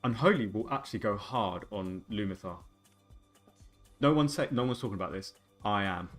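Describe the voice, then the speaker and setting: A man's voice: on the low side, moderate pace, faint music behind. A man in his twenties streaming a game, chatting casually and joking and rambling with his viewers. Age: 20s. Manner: joking, rambling banter with chat. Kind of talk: casual live-stream chat.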